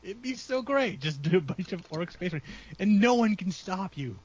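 A man's voice: high-pitched, big pitch swings, moderate pace, husky. A man chatting casually and enthusiastically about his hobby, rambling and poking fun at himself. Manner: enthusiastic, self-deprecating, rambling. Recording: dull lo-fi recording.

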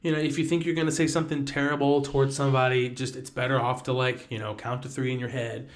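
A man's voice: medium pitch, level tone, fast. A young man co-hosting a casual Bible study chat, easygoing, with short reactions and many fillers. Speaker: podcast co-host.

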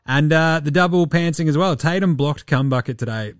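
Male host Australian, sweary, animated, dry close mic. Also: fairly high pitch, a little fast, dry recording. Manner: profane, animated, laughing. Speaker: podcast host. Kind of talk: sweary casual sports talk.

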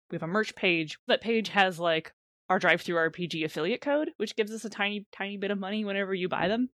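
A woman with a fairly low voice co-hosts a gaming podcast in a relaxed, chatty way. She reads sponsor plugs and breaks into laughter often. The recording is close and dry, with no room sound. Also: no room sound. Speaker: podcast co-host. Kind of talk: casual podcast chat.

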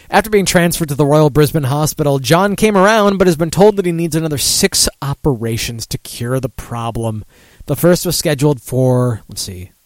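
A man's voice: medium pitch, a little mellow, no echo. A man hosting a casual one-man talk show, rambling and swearing, laughing at his own remarks. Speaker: radio show host.

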